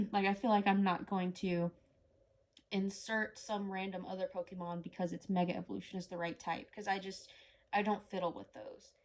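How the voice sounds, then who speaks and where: A woman's voice: mid-range voice, warm tone, a little hiss or hum. A woman giving casual, rambling gameplay commentary as a let's play host, humming to herself between remarks. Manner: rambling, chatty, hums to herself.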